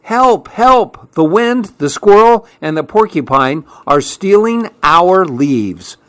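A man's voice: fairly high pitch, big pitch swings, slow, pitched above the performer's own voice. A man voicing an anxious, caring little male woodland animal in a storybook, pleading earnestly. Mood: panicked.

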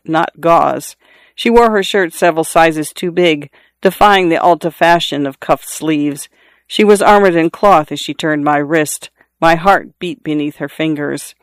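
A man narrating a literary first-person story in a measured, lyrical way. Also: on the high side, clear, resonant tone, no echo. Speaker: audiobook narrator.

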